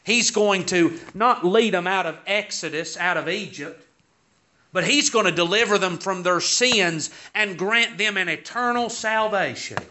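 Reading scripture in King James language before explaining each passage, this Sunday school teacher speaks in a high, bright voice that sounds pushed. He's unhurried, and the audio is dull and lo-fi.

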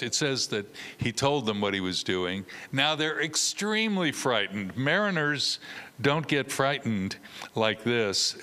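Animated preacher man in a reverberant hall. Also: mid-range voice. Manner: animated storytelling, acts out voices with humor. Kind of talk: sermon.

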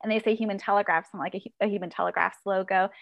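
A woman's voice: medium pitch, steady tone, rapid-fire, vocal fry, no echo. A woman speaking in a casual podcast interview, bubbly and rambling. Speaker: web series creator.

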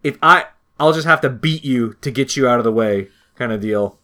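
A man in casual chat about a video game, excited and rambling, acting out quotes in passing. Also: mid-range voice, normal speed.

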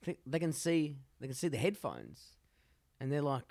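A man's voice: medium pitch, wildly swooping pitch, normal speed, creaky, darkish tone, dry recording. A young man co-hosting a podcast, telling rambling crude stories and swearing constantly. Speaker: podcast co-host. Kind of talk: casual chat.

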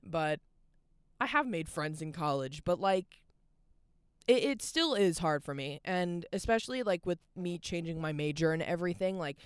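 A woman's voice: on the low side, animated, normal speed, clean tone, dry recording, clean studio sound. A young adult woman hosting a podcast alone, talking openly and rambling, with "like" in nearly every phrase. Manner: open and confessional. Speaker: podcast host. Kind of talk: candid solo podcast monologue.

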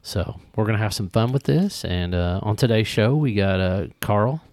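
Guy hosting a podcast, lowish voice, dry close sound, cracks jokes and rambles. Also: animated, moderate pace, a little mellow, no room sound. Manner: jokey, rambling, laughs often. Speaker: podcast host. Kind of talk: casual chat.

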